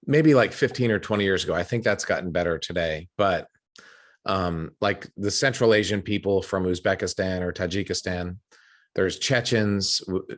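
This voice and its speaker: A man's voice: deep voice, normal speed. A middle-aged American man hosting a casual podcast conversation, telling stories with frequent restarts. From United States. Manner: chatty, storytelling with frequent restarts. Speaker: podcast host.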